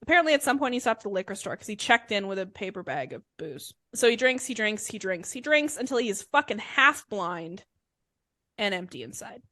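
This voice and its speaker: Bright, irreverent woman podcast host. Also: mid-range voice, sing-song, brisk, no echo, clean studio sound. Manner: chatty and irreverent, swears freely. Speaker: podcast host telling a crime story. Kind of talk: casual comedic storytelling.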